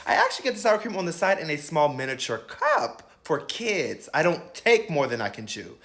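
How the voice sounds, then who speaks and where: Low, lively woman, fussy and questioning. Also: normal speed, hardly any pauses, a little hiss or hum. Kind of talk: comedic trend skit.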